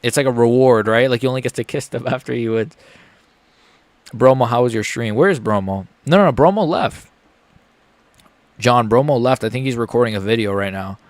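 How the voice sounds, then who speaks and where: A man's voice: medium pitch, brisk, pauses often, no room sound. Jittery young man live-streaming a fight. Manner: nervous, rambling, swings from mutters to yelps.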